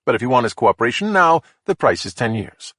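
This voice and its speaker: A man playing a deadpan defense lawyer. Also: medium pitch, a little fast, no echo, clean studio sound. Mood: cool. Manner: unflappable, bargaining. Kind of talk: audiobook character voice.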